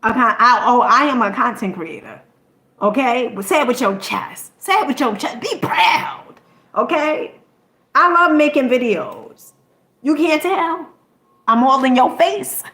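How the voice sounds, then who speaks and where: A woman's voice: high voice, expressive, a little slow, sharp tone, roomy sound, poor audio. A woman content creator giving an emphatic, preachy motivational talk to her viewers. She keeps checking in with "okay?" and swears casually.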